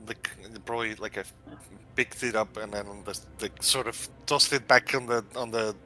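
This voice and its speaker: A man's voice: fairly low pitch, steady tone, moderate pace, pushed and bright, poor audio. A man describing his character's actions in a tabletop game, hesitant and repeating himself. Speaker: player. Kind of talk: tabletop role-play.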